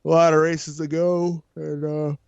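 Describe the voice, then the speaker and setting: A man's voice: a little high, level tone, unhurried, creaky, a little mellow, clean tone, no echo, muffled recording. A tired man co-hosting a casual racing chat show, rambling and laughing at himself. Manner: rambling, self-deprecating, laughs often. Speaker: co-host, race announcer.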